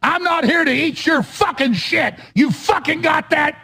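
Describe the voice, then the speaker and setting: An unhinged game character who rants, threatens and swings between low mutters and shouts. The voice is gravelly and husky, with wildly lively pitch and slow, heavy delivery. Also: exaggerated voice. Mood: raging.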